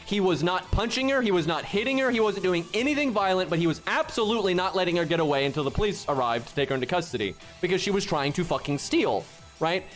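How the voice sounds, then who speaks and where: A man's voice: high-pitched, expressive, quick pace, fairly bright tone, soft background music. A man streaming a game, ranting in casual talk and swearing freely, with a "right?" after nearly every point. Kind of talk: casual live-stream rant.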